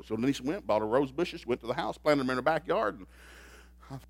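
A man preaching a sermon, telling stories in an animated way and laughing at them. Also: medium pitch, fairly quick, vocal fry, a little hiss or hum. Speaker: pastor. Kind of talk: storytelling sermon.

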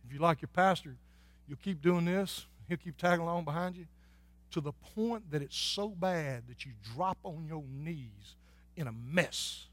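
Folksy pastor with a high voice. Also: male voice, a little slow, no room sound. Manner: folksy, swings from soft and low to loud and shouting. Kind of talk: sermon.

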